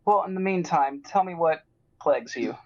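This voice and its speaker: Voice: medium pitch, expressive, normal speed, highs cut off, natural voice. A player voicing a poised noble lady adventurer, speaking in formal, courtly tones.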